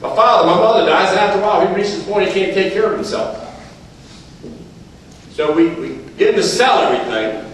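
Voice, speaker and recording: A man's voice: high voice, expressive, fairly quick, pauses often, a bit bright, a little hiss or hum. An older man telling folksy stories at a recovery meeting, repeating phrases and chuckling as he goes. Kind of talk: storytelling speaker's talk at a meeting. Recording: very echoey hall, heard from far off.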